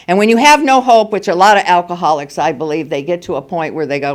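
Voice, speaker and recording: A woman's voice: on the low side, expressive, fast, few pauses. An older woman speaking at a recovery meeting, telling her personal story candidly and with humor. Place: meeting room at a school.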